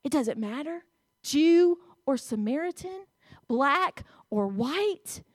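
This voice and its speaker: Female preacher, high voice, slow and expressive delivery, soft approving hums, dry close sound. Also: no echo. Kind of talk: sermon.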